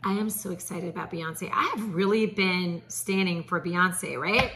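A woman's voice: on the low side, a little slow, a bit bright, a little hiss or hum. A woman hosting a celebrity gossip segment, sassy and chatty, talking straight to her viewers. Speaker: entertainment news host.

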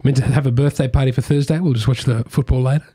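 An Australian man with a middle-pitched voice, talking in a loose, rambling way full of joking asides. He is a comedian guest in a casual podcast conversation, dry in his humor. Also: fairly even intonation, fast talker, warm tone, slightly rough.

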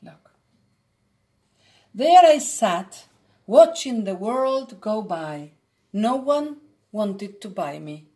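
A woman reading a children's storybook aloud in an expressive, dramatic way. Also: mid-range voice, drawn-out words, long pauses.

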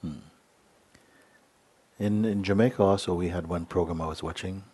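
A man giving a spiritual talk, telling a story in an unhurried way with many hesitations. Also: sits low, fairly even intonation, mellow, slightly rough. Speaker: spiritual teacher.

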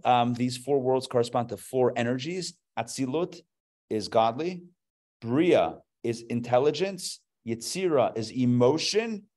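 A man, a rabbi, giving a live class to an audience, explaining terms step by step and growing animated as he goes. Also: mid-range voice.

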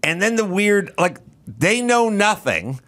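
Lively man hosting a podcast. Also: slow. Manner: lively, rants with big pitch swings. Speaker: podcast host. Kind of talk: casual chat.

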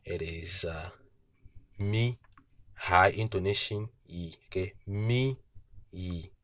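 A man teaching a language lesson, patiently repeating each word slowly with tone cues, pausing often with uh and okay. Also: sits low, fairly even intonation, fairly bright tone, no room sound. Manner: frequent hesitations with uh and okay. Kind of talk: slow spoken language lesson.

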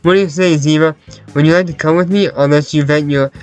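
A man voicing a kind, easygoing young classmate with a gentle, soothing manner. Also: on the high side, steady tone, quick pace, soft background music, lightly acted, low-quality recording. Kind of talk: visual novel voice acting.

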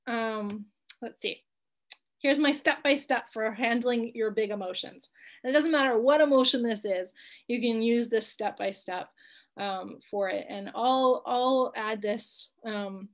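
A woman in her thirties leads a live online class, her voice sitting a little high for a woman. She talks in a chatty, reassuring way, with frequent ums and light laughs as she checks in with her listeners. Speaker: coach teaching emotional wellbeing.

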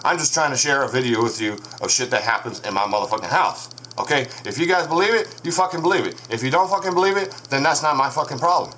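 A man's voice: mid-range voice, animated, fast, hardly any pauses, sharp tone, a little hiss or hum. Profane, combative man talking to the camera. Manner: profane, combative, addresses commenters directly. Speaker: channel host showing haunted dolls. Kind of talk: casual vlog monologue. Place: home room with dolls and crib. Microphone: camera on a stand.

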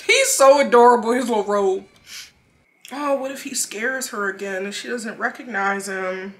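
A woman's voice: a little high, takes it slowly. A woman reacting to a film, crying and laughing at once, talking in emotional, slangy casual commentary. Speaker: reaction video host.

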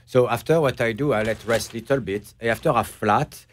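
A middle-aged man with a French accent, a bakery owner chatting as a guest, who pauses often to search for English words. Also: mid-range voice. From France. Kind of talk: casual interview chat.

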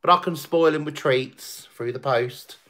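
A man hosts a casual livestream, chatting with viewers, reading their comments aloud and laughing often. His mid-range voice is a bit bright and measured in pace.

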